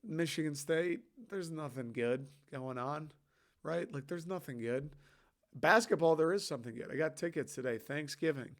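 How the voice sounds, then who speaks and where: A man's voice: fairly high pitch, moderate pace. A young man hosting a solo podcast, rambling loosely and swearing casually. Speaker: podcast host.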